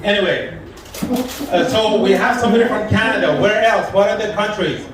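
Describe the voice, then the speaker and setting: An Iranian man delivers a live stand-up set with a fairly high voice, telling deadpan stories about the people he meets. He sounds distant from the mic, and the lounge gives his voice a heavy echo with faint noise behind it. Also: moderate pace. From Iran. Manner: deadpan storytelling, quoting people in his jokes. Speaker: stand-up comedian. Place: comedy lounge stage. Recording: echoey room from far off, faint noise.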